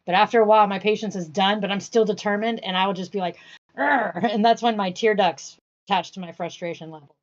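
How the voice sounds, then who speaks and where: Female podcast co-host, chatty, mid pitch, slightly muffled sound. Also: fairly even intonation, fast, hardly any pauses. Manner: chatty storyteller, many fillers. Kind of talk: casual chat.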